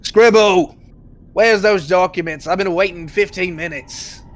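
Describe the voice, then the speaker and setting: A man voicing a loud, bossy archaeologist barking orders. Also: high voice, unhurried, voice pushed up. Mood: yelling.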